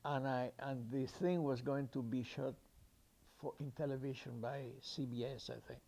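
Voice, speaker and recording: Older man with a mellow voice, rambling. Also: medium pitch, steady tone, normal speed. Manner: rambling, with fillers and restarts, acts out the people he quotes. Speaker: storyteller. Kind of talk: recounting a personal anecdote.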